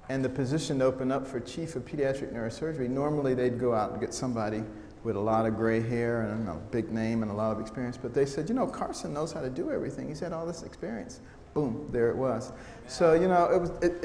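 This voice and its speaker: A middle-aged American man giving a storytelling talk to an audience, humorous and animated, often acting out the voices of the people he quotes. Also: medium pitch. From United States. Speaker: speaker giving a testimony talk. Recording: echoey hall sound with faint noise.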